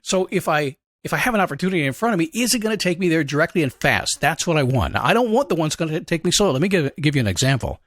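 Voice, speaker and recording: A man hosting a motivational show, talking in an energetic, conversational way and acting out questions and a dog's thoughts. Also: a little high, very fast, hardly any pauses, no room sound, clean studio sound. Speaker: motivational coach and podcast host. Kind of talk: upbeat motivational monologue.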